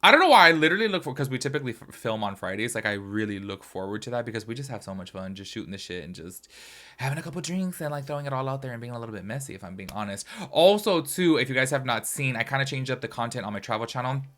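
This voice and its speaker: A man's voice: medium pitch, expressive, very fast, bright, forceful tone. A man talking casually to camera as a commentary host, rambling with lots of fillers. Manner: chatty, rambling, lots of fillers like "like" and "do you know what I mean". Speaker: commentary YouTuber.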